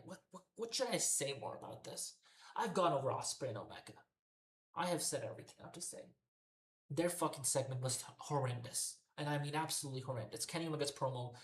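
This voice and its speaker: A man hosting a wrestling commentary show, ranting in an exasperated way and swearing constantly. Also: fairly high pitch. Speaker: wrestling podcast host. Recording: echoey roomy recording.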